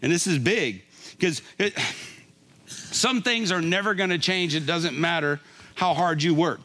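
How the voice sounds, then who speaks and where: A man's voice: fairly high pitch, unhurried, sharp tone. An older man preaching a conversational sermon, often laughing and checking in with a "right?". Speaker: pastor.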